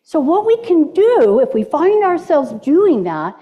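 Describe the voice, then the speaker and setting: A middle-aged woman minister preaches in a church at an unhurried pace, her voice fairly high and full of swooping pitch. She is playful and draws the congregation into call-and-response. The recording sounds dull and lo-fi. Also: sing-song. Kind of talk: sermon with audience participation. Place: church sanctuary.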